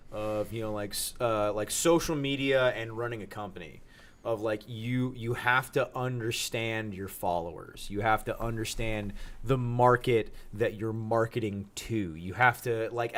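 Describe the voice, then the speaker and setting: Animated, bright-voiced man chatting. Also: medium pitch. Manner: animated, profane, laughs often, lots of filler words. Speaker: podcast co-host. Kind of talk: casual podcast chat.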